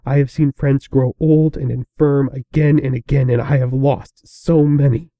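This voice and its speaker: Man reading as an age-old royal princess, calm and formal, dull dry sound. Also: mid-range voice, normal speed, no room sound, natural voice. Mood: solemn. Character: ancient, regal, composed female princess.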